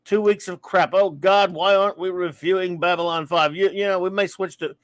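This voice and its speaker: A man hosting a casual live-streamed show, reading out listener reviews and greetings, often stumbling and correcting himself with quick laughs. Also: high-pitched, steady tone, no echo.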